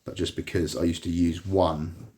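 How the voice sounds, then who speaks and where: Speaking at a moderate pace, a man with a deep, warm voice and little pitch movement rambles to a phone on a tripod. This vlogger sits in a hospital room, retelling a personal grievance full of fillers and restarts.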